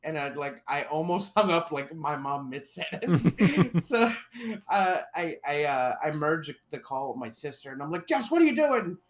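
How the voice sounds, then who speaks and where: Unhurried and low-voiced, this woman co-hosts a podcast and tells a story in a casual chat, acting out what people said with lots of animation and free swearing.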